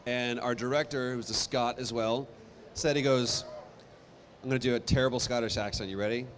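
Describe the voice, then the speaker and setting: Animated man telling stories on a panel. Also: mid-range voice, a little hiss or hum. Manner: animated storytelling, quick asides. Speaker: convention panel guest. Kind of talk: casual panel talk. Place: convention hall stage.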